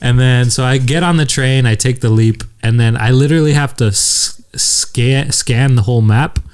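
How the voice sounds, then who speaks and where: A man's voice: mid-range voice, normal speed, a little mellow, clear, resonant tone. Young male podcast co-host, loose rambling storyteller, frequent laughs. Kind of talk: casual chat.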